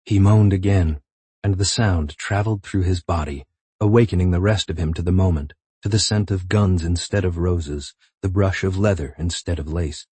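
A man reads a novel aloud in a measured, intimate way. His voice is very low, dark and husky. The recording is dry and close with no room sound. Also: dry recording. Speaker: audiobook narrator. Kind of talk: scripted narration.

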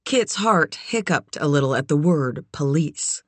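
A woman narrating a novel as an audiobook reader, in a measured, even way. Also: deep voice, no room sound. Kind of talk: scripted narration.

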